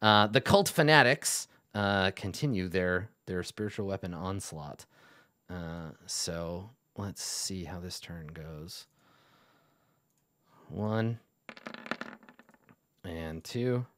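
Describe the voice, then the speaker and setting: A man's voice: low voice, slow pace, pauses often, no room sound, clean studio sound. Chatty man running a tabletop game. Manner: relaxed, chatty, many fillers. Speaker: game master.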